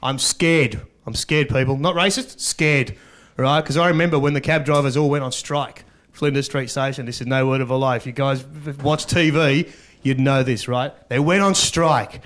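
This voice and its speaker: A man's voice: medium pitch, fairly even intonation, moderate pace, fairly bright tone. A man doing live stand-up comedy on stage, loose and chatty, laughing at his own jokes and working the crowd.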